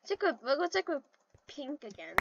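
A young woman commentating casually while playing an online game, chatty and excitable, breaking into panicked yells. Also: high voice, fairly quick, gravelly, lo-fi sound, noisy background. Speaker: gaming channel host.

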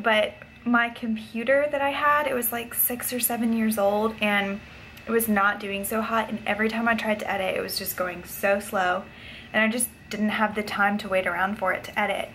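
A woman's voice: mid-range voice, little pitch movement, normal speed, fairly bright tone, slight background noise, rough recording. A young woman chatting casually in a video blog, talking with frequent fillers. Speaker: vlogger. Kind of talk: casual vlog chat.

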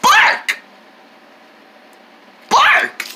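A woman's voice: extremely slow, sharp tone, slight background noise, heavily acted. A woman voicing a cheerful little girl who squeals with eagerness in a toy story. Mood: playful. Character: cheerful little girl playing with her sister.

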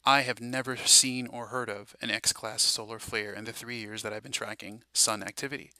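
Excitable bright-voiced man preaching casually. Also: fairly low pitch, moderate pace, no room sound. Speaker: Christian prophecy video host. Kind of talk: casual monologue.

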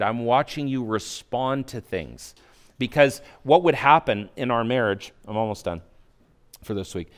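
A man's voice: fairly low pitch, clean tone. Man in his forties preaching a story. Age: 40s. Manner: storytelling, acting out his own inner voice, swings from quiet to loud. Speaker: pastor. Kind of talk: sermon. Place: church.

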